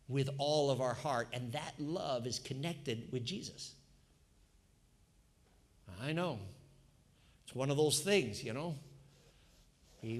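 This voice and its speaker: A man in his fifties, a pastor, preaching a sermon in a lively, conversational way and putting questions to the congregation. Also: mid-range voice. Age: 50s.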